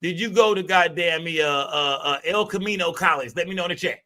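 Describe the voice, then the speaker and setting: Streamer guy just chatting with his viewers, kinda high voice, bright edge, rambles and swears a lot. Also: fairly quick. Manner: loose, rambling and profane, with lots of filler tags. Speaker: live stream host. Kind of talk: casual live stream commentary.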